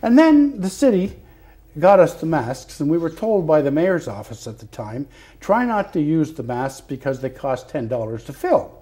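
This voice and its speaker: An older man from Canada, a retired fire captain, telling stories as a guest in an interview, acting out the dialogue with loud animated bursts. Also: on the high side, moderate pace, slightly rough. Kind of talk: anecdotal interview storytelling. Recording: television studio interview.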